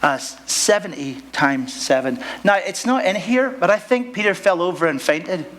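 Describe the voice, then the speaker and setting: A male pastor preaching to his congregation, wandering off into jokes and asides and cutting himself off. His voice sits somewhat high for a man, with a faint hiss in the background. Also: animated, normal speed. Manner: rambling, jokey, with asides and self-interruptions. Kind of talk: sermon. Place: church service.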